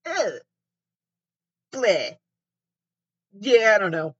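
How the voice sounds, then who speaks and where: A man's voice: high-pitched, very animated, very slow, breathy edge, lo-fi sound. A man sitting on his mattress at home, reading aloud and riffing in a rambling, sarcastic, self-deprecating way, with some swearing. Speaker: host. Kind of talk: casual commentary, reading aloud.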